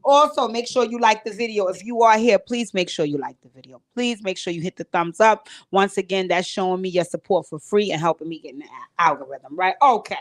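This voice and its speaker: A woman's voice: mid-range voice, brisk, hardly any pauses. Woman host, casual live stream from home, direct and emotional with viewers. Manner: emotional, talks to viewers directly, tearful at times. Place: home recording space.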